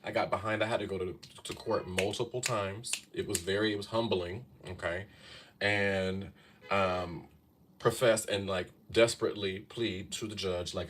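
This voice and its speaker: With a deep, steady, somewhat bright voice at normal speed, this thirtysomething tarot and astrology reader chats to his livestream audience. A faint hiss or hum sits under his casual advice, and he keeps saying "y'all" and checking in with "okay?"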